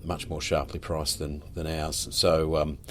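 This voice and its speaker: A middle-aged Australian man with an extremely deep, low voice hosts a relaxed conversation. He rambles, circling through fillers and restarts before landing his points. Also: measured pace, a little hiss or hum. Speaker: podcast host. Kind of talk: casual conversational interview.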